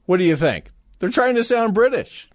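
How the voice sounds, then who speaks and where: A man's voice: high voice, sing-song, moderate pace, no room sound, studio quality. A man guest-hosting a radio talk show, delivering a rambling monologue with sarcastic asides. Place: radio studio. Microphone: studio microphone.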